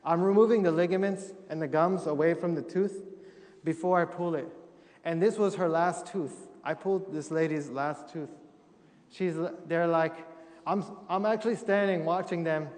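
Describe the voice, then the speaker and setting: A man's voice: a little high, normal speed, darkish tone, in a large hall. A young man giving a humorous missionary testimony to a congregation, acting out what people said. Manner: humorous storytelling, acting out quotes. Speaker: missionary speaker. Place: church sanctuary.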